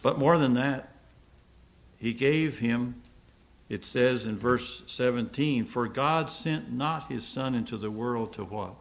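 A man's voice: medium pitch, slow. A man preaching a sermon to a congregation, earnest, asking the listeners questions and repeating key lines.

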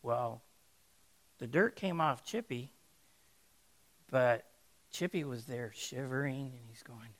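A man preaching, telling a folksy, animated story to make a sermon point. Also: medium pitch, takes it slowly, long pauses.

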